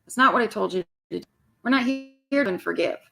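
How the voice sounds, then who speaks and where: A woman's voice: a little high, fairly quick, gravelly. A woman twin flame coach speaking bluntly and with exasperation to her viewers, swearing freely and mimicking clients.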